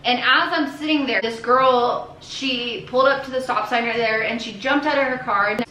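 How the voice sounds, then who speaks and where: A woman's voice: fairly high pitch, moderate pace, bright, forceful tone, slight background noise. A young woman vlogger telling a personal story to her viewers in a casual, earnest way, full of fillers and restarts. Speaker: family vlogger. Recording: echoey room with faint ambience.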